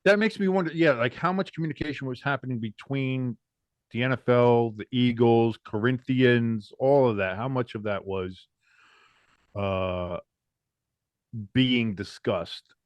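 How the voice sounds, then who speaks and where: Sports podcast co-host, man, animated, profane, ranting; dry, close sound. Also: medium pitch, measured pace, dry recording. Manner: animated, swears freely, ranting. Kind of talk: casual sports chat.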